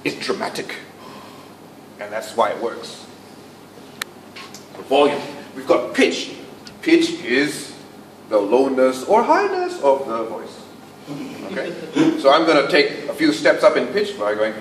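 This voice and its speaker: A man's voice: medium pitch, very animated, measured pace. Man coaching a room, far from the mic. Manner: projects to a room without a mic, drops to near-whisper for emphasis. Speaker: public speaking coach. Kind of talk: speech workshop talk. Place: meeting room before a club audience. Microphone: no microphone, recorded from a distance. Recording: roomy, distant, faint room noise.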